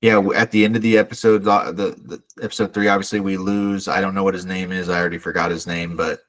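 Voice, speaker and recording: A man co-hosting a podcast in casual chat, animated, acting out characters' lines. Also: low voice, fast talker. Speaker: podcast co-host.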